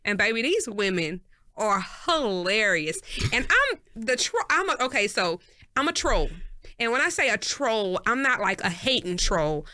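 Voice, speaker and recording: Texan woman podcast co-host, animated storyteller, bright voice, dry close mic. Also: a little slow, no echo. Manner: animated storyteller, acts out voices with big pitch jumps. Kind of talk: casual chat.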